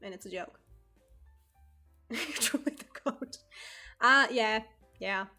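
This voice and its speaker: Young woman streamer, casual rambling chat with laughs, slightly high bright voice, faint music behind. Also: slow pace. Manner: rambling, self-correcting, laughs often.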